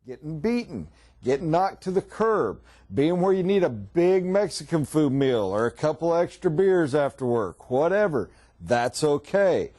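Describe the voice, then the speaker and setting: Middle-aged man, sales trainer, emphatic, folksy, mellow tone, meeting room. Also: medium pitch. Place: meeting room around a table.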